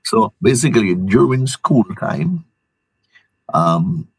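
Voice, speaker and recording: A man from Saint Lucia with a very low, husky voice that rises and falls a lot. He tells his story as an interview guest in a relaxed way, often restarting his sentences, and the recording is dry and close. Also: slow, no room sound, poor audio. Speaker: guest entrepreneur. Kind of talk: interview answers.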